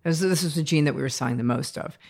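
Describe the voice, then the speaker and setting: An American woman, a podcast guest, telling workplace stories in a lively conversational way, often laughing as she talks. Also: sits low, quick pace, gravelly. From United States. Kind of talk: conversational storytelling interview.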